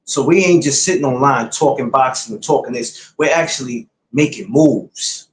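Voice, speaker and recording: A man's voice: mid-range voice, moderate pace, echoey room, a little hiss or hum. A man hosting his podcast, talking casually and bluntly to his viewers, repeating his points like a lecture. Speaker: podcast host. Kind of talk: casual livestream talk to viewers.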